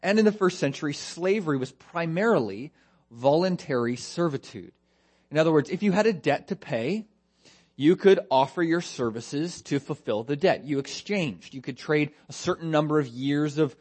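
A man's voice: fairly high pitch, normal speed, darkish tone. A man preaching an expository sermon, posing rhetorical questions in earnest, stressing key phrases and dropping his voice on grave points. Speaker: pastor.

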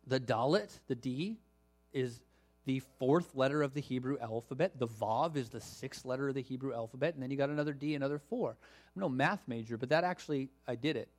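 A pastor with a mid-range voice preaches to his congregation at a fairly quick pace. He teaches in an animated, conversational style, tossing in casual asides.

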